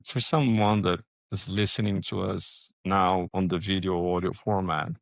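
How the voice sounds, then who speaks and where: A man with a low, gravelly voice hosts a podcast conversation. He thinks aloud, circling his point with false starts and fillers before landing on a question. The sound is dry and close. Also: flat delivery, no echo. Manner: searching, halting, with many restarts and "like". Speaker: podcast host. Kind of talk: casual interview conversation.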